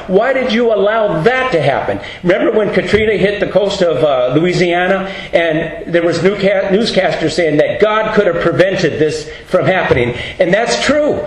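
A middle-aged man preaching a storytelling sermon as a pastor, folksy and earnest, acting out the voices he quotes. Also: high-pitched. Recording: roomy hall with faint ambience.

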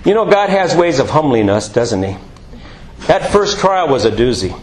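Animated, slightly high-voiced male preacher. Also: moderate pace, echoey room, low-quality recording. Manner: animated, jokey storytelling with acted-out voices. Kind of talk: sermon.

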